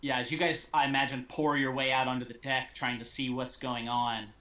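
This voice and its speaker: A man narrating a tabletop game as game master, halting with many ums and restarts. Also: medium pitch, little pitch movement, bright, forceful tone.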